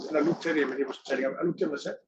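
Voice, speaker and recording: A man's voice: a little high, racing, background noise. A middle-aged man, an actor and wrestler, chatting as an interview guest, acting out the voices of people in his stories. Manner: animated, acts out others' voices in his anecdotes. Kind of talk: casual storytelling chat. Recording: dull, muffled audio.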